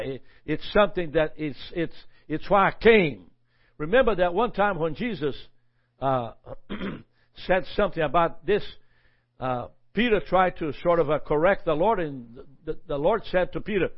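A male preacher teaching from scripture in a sermon, his voice sitting a little high. He talks in halting bursts, restarting and repeating words as he goes. The recording sounds dull and lo-fi. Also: lively intonation.

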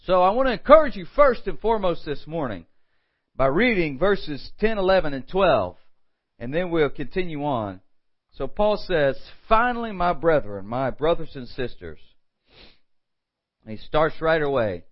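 A man preaching a morning sermon, animated, with quoted asides and frequent rhetorical questions. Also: fairly high pitch, a little slow, pauses often, lo-fi sound. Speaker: pastor.

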